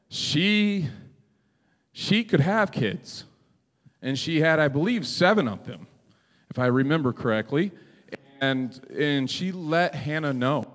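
A man preaches a sermon in a relaxed, conversational way, often tagging his points with "right?" to the congregation. His voice sits a little high for a man. A long hall reverb trails after his words. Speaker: pastor.

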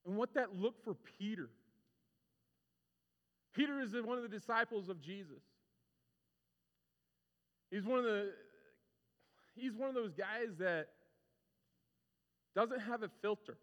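A man preaching a conversational sermon, animated and casual, acting out the people he talks about. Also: high-pitched, a little slow, long pauses. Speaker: pastor. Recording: long reverb of a large hall.

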